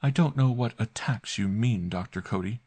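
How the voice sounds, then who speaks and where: A man voicing a frightened young woman in a storybook reading, keeping her voice steady with effort. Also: lowish voice, normal speed, slightly rough, pitched above the performer's own voice. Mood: strained calm. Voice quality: strained but steady.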